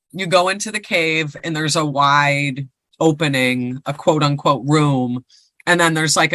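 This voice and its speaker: A woman's voice: low voice, a bit bright, no echo. A woman co-hosting a podcast, casually retelling a ghost story and rambling with lots of fillers. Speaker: podcast co-host.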